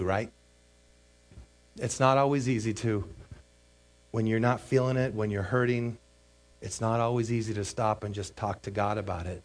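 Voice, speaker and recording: A man preaching a sermon as pastor, emphatic, stretching out and repeating key phrases. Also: medium pitch.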